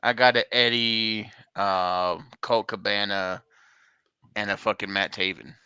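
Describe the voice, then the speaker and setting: A man's voice: on the low side, steady tone, a little slow, pushed and bright, clear, resonant tone. A man hosting a wrestling podcast in casual, teasing, profane chat, moving the segments along. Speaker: podcast host.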